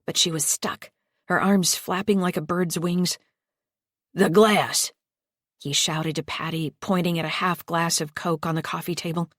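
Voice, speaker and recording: A woman narrating a first-person psychological thriller audiobook in a steady, tense storytelling manner. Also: on the low side, normal speed, no echo, studio quality.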